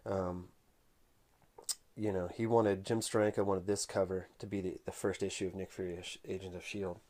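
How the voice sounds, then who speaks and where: A man vlogging about comic collecting, telling a rambling story in an unhurried, conversational way. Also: low-pitched, level tone, a little mellow. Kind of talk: casual rambling anecdote.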